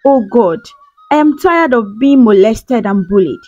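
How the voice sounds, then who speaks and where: Lady voicing a scared orphan girl, teary and begging, highish voice, faint music behind. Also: animated, a little slow, darkish tone, no room sound, highs cut off. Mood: pleading. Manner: tearful, pleading prayers. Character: frightened young orphan girl, pleading.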